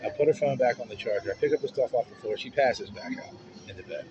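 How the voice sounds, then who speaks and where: This is a fast-talking man, medium in pitch, vlogging a personal story in a frank, profanity-laced, casual manner. His audio comes through muffled over noisy street sound.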